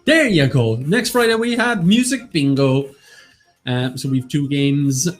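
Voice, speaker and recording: A man's voice: a little high, lively intonation, a little slow, soft background music. A man with an Irish accent co-hosting a casual online quiz, teasing his partner and announcing upcoming events. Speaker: quiz co-host. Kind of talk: casual banter on a live online quiz stream.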